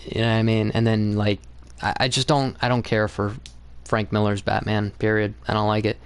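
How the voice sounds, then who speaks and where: A man's voice: fairly low pitch, level tone, normal speed, clean tone. Blunt, profane young man ranting about comics. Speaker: comics channel host. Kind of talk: casual opinionated monologue.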